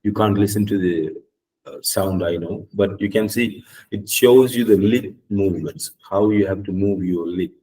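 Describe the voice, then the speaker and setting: A man with a Tamil accent teaching English pronunciation in an online class, patiently repeating words slowly. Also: low-pitched, mellow, distant mic, low-quality recording. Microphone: video call.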